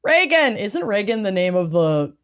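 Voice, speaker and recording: A woman from the Upper Midwest co-hosting a podcast, casual and wry with quick reactions. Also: mid-range voice, clear, resonant tone. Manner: animated, wry. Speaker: podcast co-host. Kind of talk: casual chat.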